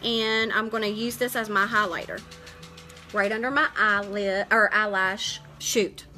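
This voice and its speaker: A middle-aged woman hosting a live makeup tutorial, chatting warmly with viewers, greeting them by name and sharing heartfelt stories as she works. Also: medium pitch, measured pace, faint music behind, rough recording.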